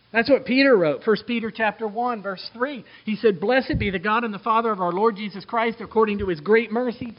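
A male pastor with a notably high voice delivers a sermon. He swings from bright, excited exclamations down to soft, hushed asides. The recording sounds somewhat dull and lo-fi.

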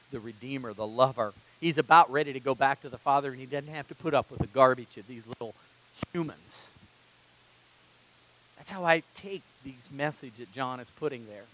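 A man preaching a sermon, moving between quiet, low passages and loud, emphatic bursts. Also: normal speed, lo-fi sound, a little hiss or hum. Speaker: pastor.

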